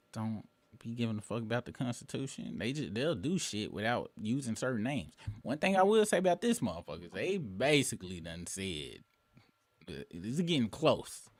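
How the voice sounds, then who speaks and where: A man in his late thirties talks straight to his audience in a loose, rambling monologue, swearing freely and leaning hard on certain words. His voice sits low, and the sound is dry and close with no room echo. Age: late 30s. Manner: rambling, profane, emphatic. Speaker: show host. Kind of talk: casual commentary monologue.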